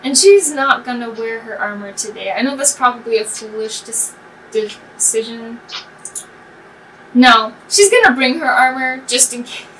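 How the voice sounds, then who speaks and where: A woman playing a tabletop game, chatty and excitable, trailing off with fillers as she thinks. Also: fairly high pitch, moderate pace, recorded from a distance, a little hiss or hum, rough recording. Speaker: player. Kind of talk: casual tabletop play.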